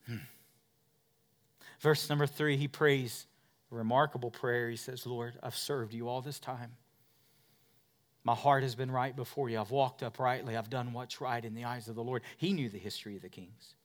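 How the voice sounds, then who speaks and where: A middle-aged male pastor preaching a sermon, swinging between loud forceful preaching and soft, quiet storytelling, with self-mocking humor. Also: mid-range voice, steady tone, normal speed.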